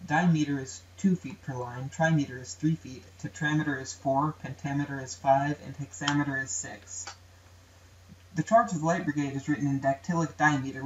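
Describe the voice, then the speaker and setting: Young male student narrator, explanatory lesson read, middle pitch; distant mic, muffled and roomy. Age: young adult. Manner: plain explanatory delivery, tapping out rhythms aloud. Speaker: student presenter. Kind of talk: educational video narration. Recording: roomy, distant, dull amateur recording with faint hiss.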